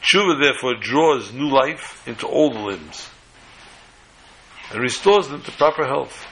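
Bright-voiced man giving a halting sermon. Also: mid-range voice, lively intonation, a little hiss or hum, low-quality recording. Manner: measured, halting, restarts phrases. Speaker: Torah teacher. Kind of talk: sermon on the weekly Torah portion.

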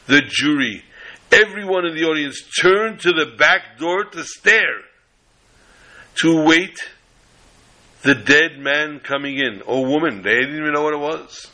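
A man telling a story dramatically, swinging between loud passages and hushed ones. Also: on the high side, expressive, slow, long pauses, low-quality recording.

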